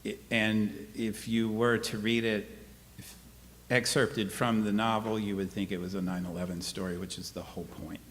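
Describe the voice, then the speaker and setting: A man's voice: fairly low pitch, flat delivery, moderate pace, fairly bright tone. A man giving a literature lecture with read excerpts, speaking hesitantly with fillers, recorded in an echoey hall. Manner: hesitant, with fillers between points. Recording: echoey hall, faint noise.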